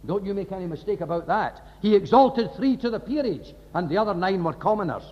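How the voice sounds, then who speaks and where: Impassioned high-voiced preacher in a hall. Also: male voice, lively intonation, brisk. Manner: impassioned, rhetorical questions to the congregation. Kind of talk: sermon. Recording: dull lo-fi recording in a reverberant hall.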